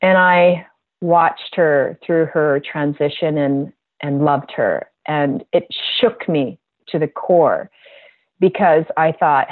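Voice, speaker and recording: A woman health practitioner telling a heartfelt story about a patient in a gentle, earnest way. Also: deep voice, no room sound. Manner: slow, gentle and earnest, emotional at times. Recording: tinny phone-like line, dry.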